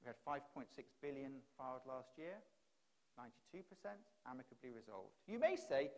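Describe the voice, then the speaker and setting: A man's voice: mid-range voice, very animated, brisk. A man giving a keynote speech at a conference, building his points through repeated rhetorical questions into a stage microphone. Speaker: conference speaker. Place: conference hall.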